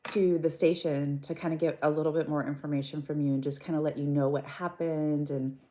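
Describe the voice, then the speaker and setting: A woman playing polite police officers, talking in a soothing, official way. The voice sits low and mellow. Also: steady tone, a little fast, lightly acted. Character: polite police officers breaking bad news.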